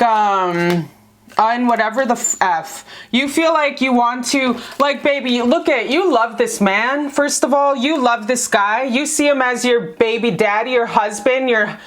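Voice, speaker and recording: A woman's voice: on the high side, fairly bright tone, slight background noise. A woman giving a casual tarot reading to camera, slangy and profane, calling viewers baby and sis. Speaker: tarot card reader.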